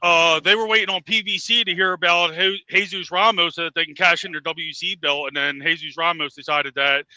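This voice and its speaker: A high, very bright man's voice talks fast and insistently, running down facts in a heated boxing panel debate. The sound is dry and close. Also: steady tone, dry recording, poor audio. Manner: fast-talking, pressing, insistent questions.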